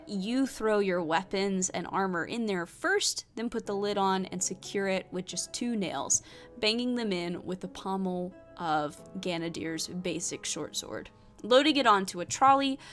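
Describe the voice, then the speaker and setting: A woman's voice: mid-range voice, a bit bright. Hesitant woman reading an adventure. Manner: hesitant, thinks aloud with fillers and sighs. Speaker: solo tabletop game player. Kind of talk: reading a solo adventure aloud with asides.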